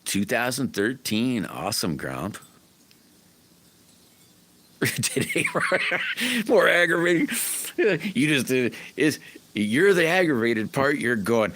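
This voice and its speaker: A man's voice: medium pitch, sing-song, slow pace, long pauses, fairly bright tone. A middle-aged man hosting a livestream, chatting casually with viewers in a folksy, rambling way full of restarts. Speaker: livestream host.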